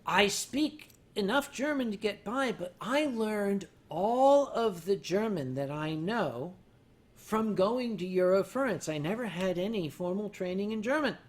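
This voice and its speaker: An older man hosting a livestream, rambling through stories to his chat while drinking, mocking himself and turning loud on the punchlines. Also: high voice, lively intonation, measured pace. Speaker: livestream host. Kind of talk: casual storytelling to a chat.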